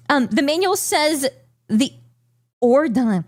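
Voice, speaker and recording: A high, bouncy woman's voice chatting to a live stream audience. She is giggly and incredulous, and her pitch jumps all over the place. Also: expressive, takes it slowly, darkish tone. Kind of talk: casual live-stream chat.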